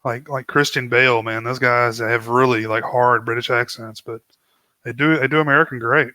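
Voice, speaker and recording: A man's voice: mid-range voice, fairly even intonation, moderate pace, sharp tone, no echo. A man co-hosting a movie podcast, laid-back, chiming in with short agreeing replies. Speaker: podcast co-host. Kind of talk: casual movie discussion.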